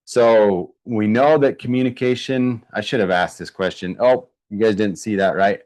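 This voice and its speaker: A man's voice: on the low side, moderate pace, a little mellow. A man presenting an online workshop, talking conversationally with many fillers and asking viewers to answer in the chat. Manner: conversational, thinks aloud with fillers and restarts; asks the audience to answer in chat.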